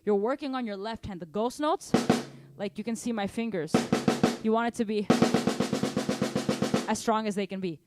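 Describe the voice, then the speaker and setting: A young woman teaching a drum lesson on a live stream, energetic and chatty, counting and singing rhythms aloud between grooves. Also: mid-range voice, normal speed, long pauses, over loud music. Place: home drum room. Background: drum kit.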